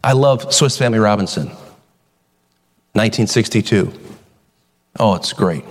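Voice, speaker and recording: A middle-aged male pastor preaching a sermon in a folksy, animated storytelling manner, jumping into high voices to act out quotes. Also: normal speed. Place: church sanctuary. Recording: long hall reverb.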